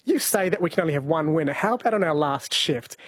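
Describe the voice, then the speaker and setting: A man's voice: fairly high pitch, lively intonation, fast, husky, no echo. A man hosting overnight radio, easygoing and teasing in casual chat. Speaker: radio host.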